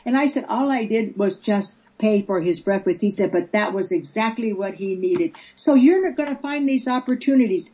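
A woman's voice: mid-range voice, lively intonation, normal speed, few pauses, dark tone, husky, muffled recording. An older woman, a guest in a casual interview, telling stories earnestly and acting out the voices she quotes. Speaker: guest, peace activist.

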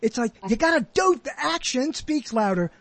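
A man's voice: very high voice, lively intonation, moderate pace, a bit bright, no echo. A man hosting a podcast in casual chat, rambling with stammering restarts and blunt wisecracks. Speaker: podcast host.

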